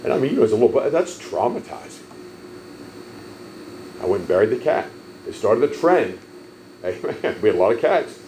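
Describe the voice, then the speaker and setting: A man preaching a sermon, telling stories emphatically and swelling loud on key lines. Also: medium pitch, sing-song, brisk, pauses often, slight background noise, low-quality recording. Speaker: pastor.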